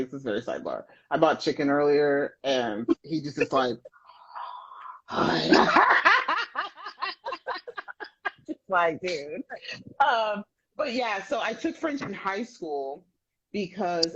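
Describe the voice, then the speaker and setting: An American woman hosting a podcast in casual, animated chat, laughing often and making playful asides. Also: low-pitched, breathy edge. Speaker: podcast host. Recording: dull, muffled audio.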